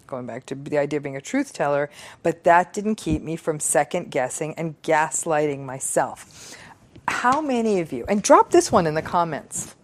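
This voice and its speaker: A middle-aged woman psychologist reading out viewer comments and reflecting on them in an earnest, measured, emphatic way. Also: low voice. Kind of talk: reflective talk on relationships.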